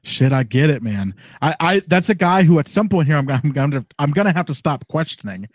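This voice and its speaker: A man's voice: fairly high pitch, sing-song, brisk, no echo, clean studio sound. A man co-hosting a casual sports chat, teasing the others. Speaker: podcast co-host.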